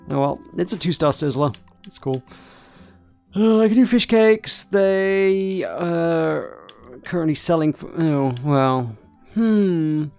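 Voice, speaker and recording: A man's voice: on the high side, creaky, a little mellow. A man giving casual live-stream commentary over a game, chatty and playful, talking along as he plays. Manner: chatty, playful, talks along with his play.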